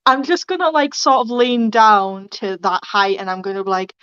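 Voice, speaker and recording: A woman's voice: medium pitch, fairly even intonation, moderate pace, fairly bright tone, clean tone, no echo, lo-fi sound. A woman playing in a tabletop game who rambles and repeats her words as she talks. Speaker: player. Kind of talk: casual tabletop play.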